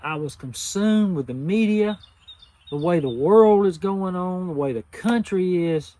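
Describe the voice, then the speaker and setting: An older man with a high, mellow voice and lively intonation hosts a knife channel. Speaking unhurriedly, he talks to his viewers in a heartfelt, humble, emotional way, often repeating himself.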